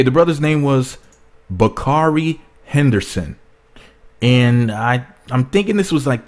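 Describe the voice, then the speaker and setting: A man talking bluntly to camera in a casual commentary vlog, rambling with many restarts. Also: mid-range voice. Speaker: YouTube commentator.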